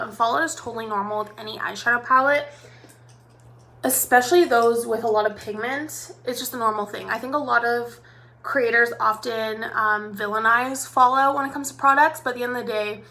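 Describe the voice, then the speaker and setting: A woman's voice: fairly high pitch, moderate pace, sharp tone. A chatty young woman doing a live makeup tutorial as a makeup artist, talking directly to her viewers in a bubbly way.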